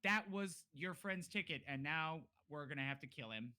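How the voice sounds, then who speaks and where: A man's voice: mid-range voice, normal speed, fairly bright tone, close to an everyday voice. Man doing a sinister menacing boy villain. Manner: threatening, gloating.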